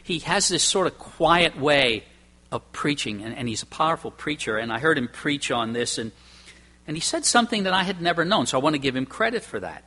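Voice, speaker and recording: Man, pastor, sermon, conversational, emphatic, rhetorical questions, slightly high, husky. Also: lively intonation, brisk, bright, forceful tone.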